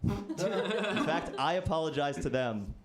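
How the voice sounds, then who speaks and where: A man's voice: on the high side, lively intonation, slow pace, a crowd in the background. A man in his twenties doing a stand-up comedy set, telling rambling, self-deprecating stories. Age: 20s.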